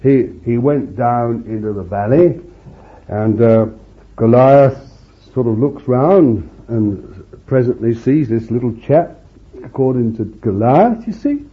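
A man retells a Bible story as an informal sermon, chatty and homely, with plenty of asides. His pitch rises and falls with animation. The recording is dull and lo-fi. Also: animated, takes it slowly. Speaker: preacher.

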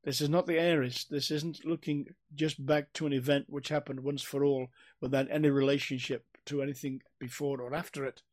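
A man's voice: on the high side, flat delivery, a little fast, few pauses, no room sound. A man giving an expository Bible teaching, earnest and emphatic, often repeating and restarting phrases as he explains. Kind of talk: expository sermon.

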